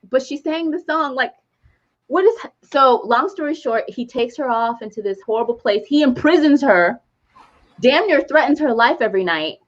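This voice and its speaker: A woman co-hosting a podcast who retells a movie plot in casual chat, animated and laughing as she goes. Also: high voice, moderate pace, lo-fi sound. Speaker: podcast co-host.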